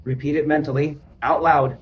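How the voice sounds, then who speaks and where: A male therapist explaining ideas to a client in an emphatic, repetitive way, sometimes chanting rhythms out loud. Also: on the high side, level tone, normal speed, muffled recording, slight background noise.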